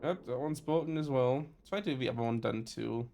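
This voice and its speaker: A man's voice: medium pitch, vocal fry, dark tone, slight background noise. A man with a German accent reading game text aloud during a let's play, stumbling and correcting himself often. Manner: halting reading with frequent self-corrections. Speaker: streamer.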